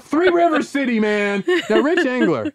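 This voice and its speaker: A man hosting a podcast, telling a story in the second person, often laughing and jumping higher in pitch for quoted voices. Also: animated, normal speed, no echo, clean studio sound.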